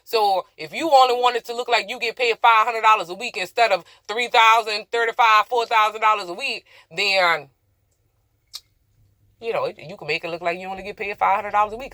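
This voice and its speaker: Rambling, bright-voiced woman trucker vlogging. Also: mid-range voice, dry recording. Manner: rambling, laughing at herself, talking straight to viewers. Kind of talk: casual chatty explainer vlog. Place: inside a truck cab.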